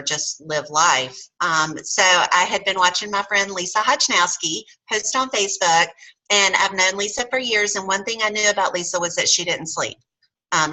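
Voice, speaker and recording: A middle-aged woman shares her story in a casual interview chat, her lowish voice bright and forceful. She's a chatty storyteller who often acts out what other people said. The audio quality is poor.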